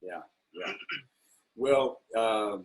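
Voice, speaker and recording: A middle-aged man with a low-pitched voice hosts a casual interview. He talks openly and emotionally, peppering his speech with bro and man. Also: drawn-out words, poor audio. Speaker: interview host, program creator.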